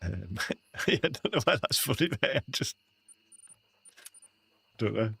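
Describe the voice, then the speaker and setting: A man's voice: mid-range voice, big pitch swings, unhurried, creaky, a bit bright, slightly rough. An English man chatting casually with viewers while livestreaming a hunting game, often calling them mate. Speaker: gaming livestreamer.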